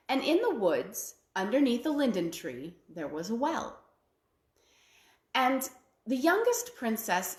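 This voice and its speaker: A woman with a fairly high voice tells a children's fairy tale in an expressive, drawn-out way. Her pitch swings widely, and the room around her adds a noticeable echo. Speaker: library storyteller. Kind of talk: storytelling for children.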